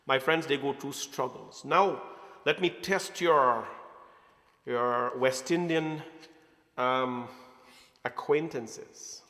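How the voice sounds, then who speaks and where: A man from Guyana with a Guyanese accent, giving an animated satsang talk to a congregation and calling them "my friends". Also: mid-range voice, takes it slowly, long pauses, in a large hall. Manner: animated, addresses audience as "my friends", asks questions. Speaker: religious speaker.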